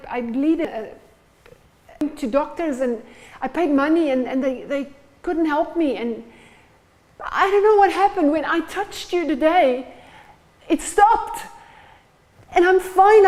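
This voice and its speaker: A woman's voice: sits high, voice pushed up. A woman voicing a stammering woman, just healed. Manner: halting, breathless, rising excitement.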